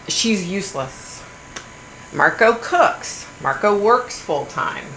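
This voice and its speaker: Blunt, gravelly woman chatting. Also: on the low side. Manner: animated, blunt, swears. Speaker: livestream host. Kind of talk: casual gossipy chat. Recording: echoey room, faint hum.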